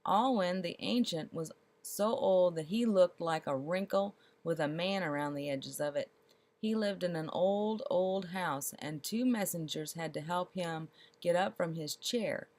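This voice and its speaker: Lower-voiced woman reading a storybook. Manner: expressive, slows for comic detail. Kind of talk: storybook read-aloud.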